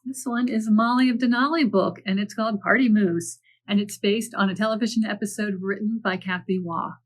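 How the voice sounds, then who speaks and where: A woman librarian reading picture books aloud to children, gentle and animated, with chatty asides to the listener. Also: medium pitch, brisk. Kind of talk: picture-book read-aloud.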